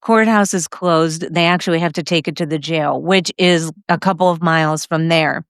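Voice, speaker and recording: Smooth-voiced middle-aged woman telling her story. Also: deep voice, moderate pace, no echo, studio quality. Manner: lively, acts out other people's lines, laughs often. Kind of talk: personal storytelling in conversation.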